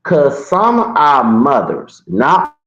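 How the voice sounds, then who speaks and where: A man's voice: on the high side, wildly swooping pitch, slow, a bit bright. A man in his forties talking in a long, rambling livestream monologue, often restarting and correcting himself. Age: 40s. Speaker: streamer. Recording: echoey room, dull lo-fi sound.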